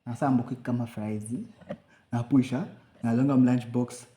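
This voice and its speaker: A young man co-hosts a podcast, telling a story in casual chat and animatedly acting out quotes from himself and others. His voice sits in the mid-range at a moderate pace, recorded in an echoey room with noise in the background.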